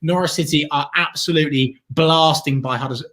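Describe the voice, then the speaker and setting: Bloke, co-host, upbeat fan banter, somewhat high pitch. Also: male voice, fairly quick, fairly bright tone. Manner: enthusiastic, jokey, fan banter. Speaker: co-host of a football watchalong. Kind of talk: casual live match chat.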